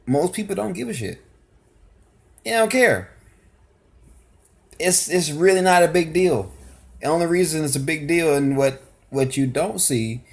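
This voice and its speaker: A man's voice: mid-range voice, vocal fry, darkish tone. A man chatting casually while reacting to a video, rambling loosely from one thought to the next. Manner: rambling, loose, full of restarts and fillers. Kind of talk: casual chat.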